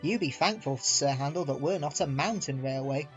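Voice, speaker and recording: A man's voice: a little high, normal speed, natural voice. A man doing a firm, knowing old engine. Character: old wise kindly male engine. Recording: muffled recording with soft music.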